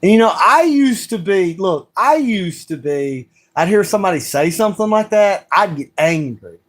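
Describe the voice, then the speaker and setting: Male livestream host, higher-pitched, heated ranting delivery built on repeated rhetorical questions. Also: animated, normal speed. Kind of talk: solo livestream monologue.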